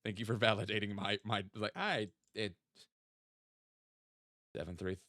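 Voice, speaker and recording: This young man's voice is on the low side and fairly bright, with fairly even intonation and a measured pace. He thinks aloud and cracks jokes in casual chat while streaming a geography guessing game. The sound is studio-clean with no echo.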